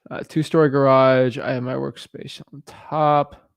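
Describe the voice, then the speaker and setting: Young male wholesaler, gravelly, dry mic, casual thinking aloud. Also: mid-range voice, little pitch movement, a little slow, no echo. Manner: thinks aloud with fillers, upbeat on the phone. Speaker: real estate wholesaler cold calling. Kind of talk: casual live commentary and cold call.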